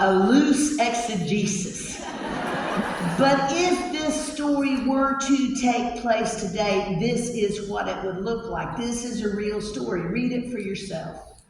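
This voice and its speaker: A woman preacher retelling a Bible story as a lively, humorous modern-day tale in a conference sermon. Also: medium pitch, very noisy. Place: large conference hall. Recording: echoey hall from far off.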